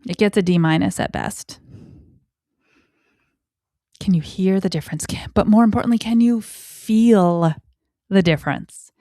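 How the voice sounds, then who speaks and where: A woman hosting a parenting talk show, speaking expressively, slowing down to stress key words and dropping into whispered asides. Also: no echo, clean studio sound. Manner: expressive, with sudden pitch jumps and whispered asides; slow, deliberate emphasis on key words. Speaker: parenting educator. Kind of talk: podcast talk on child communication.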